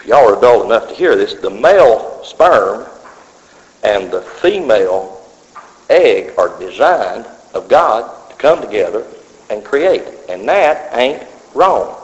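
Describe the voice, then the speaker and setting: A male pastor preaching a sermon, swinging from loud declarations to hushed whispers. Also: lowish voice, very animated, slow pace. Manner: preaching with sudden drops to a whisper. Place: church sanctuary. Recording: dull sound with long hall reverb.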